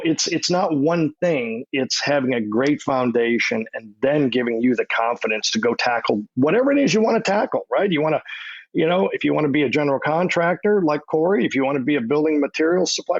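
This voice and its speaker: A man's voice: fairly high pitch, dry recording. Dry, slightly muffled man telling rambling stories. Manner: rambling anecdotes with many restarts and repeated words. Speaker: podcast guest. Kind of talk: casual interview storytelling.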